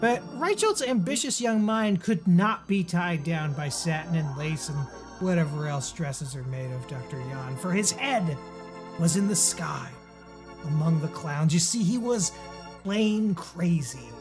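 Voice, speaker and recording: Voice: medium pitch, darkish tone. A playful, theatrical host running comedic game show banter. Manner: playful, theatrical, lots of fillers.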